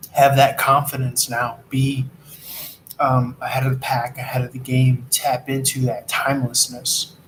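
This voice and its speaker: Flat-voiced man rambling on the move. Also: mid-range voice, a little hiss or hum, low-quality recording. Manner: rambling, profane, streetwise spiritual talk. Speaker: tarot reader and delivery rider. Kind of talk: casual spiritual rambling monologue. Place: riding an e-scooter outdoors in traffic.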